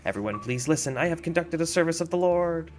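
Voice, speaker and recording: Man doing a high, loud cult zealot. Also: expressive, quick pace, close to an everyday voice. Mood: proclaiming. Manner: grandiose, stammering boasts. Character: zealous young male cultist, proclaiming loudly.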